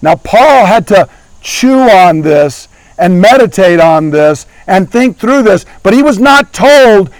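A man's voice: high-pitched, expressive, slow pace, no echo, rough recording. A middle-aged man preaching a sermon as pastor, earnestly asking his congregation questions as he teaches.

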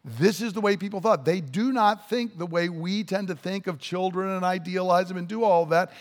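A man's voice: high voice, normal speed. Emphatic male preacher in a reverberant hall. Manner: blunt, emphatic teaching with quoted dialogue. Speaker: pastor. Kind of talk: sermon.

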